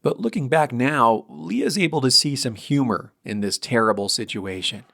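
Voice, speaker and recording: A man hosting a radio show, narrating in a calm, measured way. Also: mid-range voice, vocal fry. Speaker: host. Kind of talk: scripted narration.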